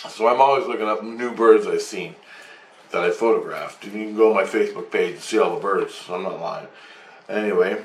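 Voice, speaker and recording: Rambling man telling a story, roomy sound. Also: fairly low pitch. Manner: rambling, repeats himself, swears. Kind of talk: casual storytelling to camera. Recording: roomy, distant from the mic.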